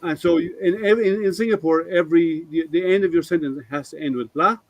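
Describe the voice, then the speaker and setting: A man's voice: a little high, fast talker, no room sound, low-quality recording. A man hosting a casual maker hangout, rambling with lots of ums and restarts. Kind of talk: casual chat.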